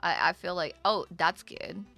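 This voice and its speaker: A woman streaming a game, chatting casually, excitable, swearing, and answering chat. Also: lowish voice, measured pace, vocal fry, faint music behind.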